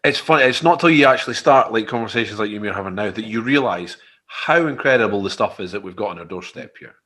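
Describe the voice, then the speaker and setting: A man's voice: lowish voice, lively intonation, fast talker, fairly bright tone. A Scottish man hosting a casual interview, friendly and conversational. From Scotland. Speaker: interview host. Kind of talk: casual chat.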